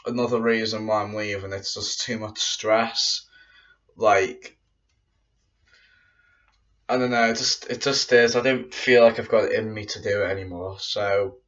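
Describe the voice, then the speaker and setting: A man's voice: fairly low pitch, a bit bright. A man talking casually to his viewers in a home vlog, rambling and circling back with repeated fillers. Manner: rambling, repeats "but yeah, guys". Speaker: YouTuber saying goodbye to viewers. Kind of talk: casual vlog address to camera. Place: room at home. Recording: dull lo-fi sound, mic at a distance.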